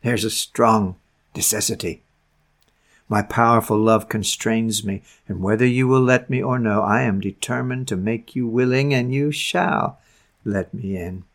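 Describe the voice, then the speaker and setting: Man reading a hushed, tender Jesus, gentle but insistent, sermon reading. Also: fairly low pitch, measured pace. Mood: tender, firm.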